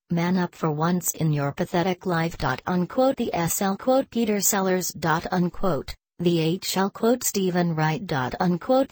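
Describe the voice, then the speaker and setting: A woman with a notably low voice reads a written text aloud, flat and deadpan, even saying the punctuation marks. The sound is close and dry, with no room around it. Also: dry recording.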